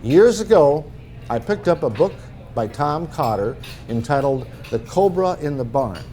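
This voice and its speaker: A man's voice: fairly high pitch, animated, a little slow, warm tone, soft background music. A middle-aged man from northern Minnesota giving a talk as an author, telling humorous anecdotes in a folksy way. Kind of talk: storytelling presentation.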